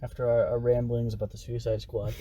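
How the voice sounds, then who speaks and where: A man's voice: medium pitch, flat delivery, fairly quick, dark tone, slightly rough. Laid-back young guy rambling. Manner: rambling, laughs often. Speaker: podcast co-host. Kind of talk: casual chat.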